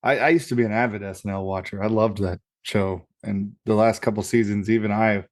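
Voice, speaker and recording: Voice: deep voice, fairly even intonation, a little fast, no room sound. A podcast co-host chatting casually in an agreeable way. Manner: laughs often, agreeable.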